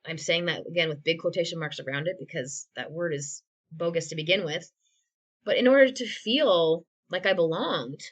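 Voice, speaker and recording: A woman's voice: fairly low pitch, a bit bright. A woman co-hosting a podcast, talking candidly and reflectively from home over a video call, with touches of wry sarcasm. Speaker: podcast co-host. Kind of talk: candid conversational podcast talk.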